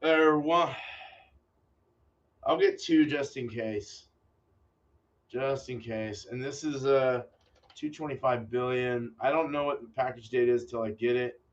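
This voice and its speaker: A man's voice: medium pitch, a little slow, pauses often. Rambling, swearing homebrewer man, distant mic. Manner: distracted, swears casually, thinks aloud. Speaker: homebrewer and channel host. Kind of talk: casual rambling vlog talk. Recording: dull lo-fi audio from a distance.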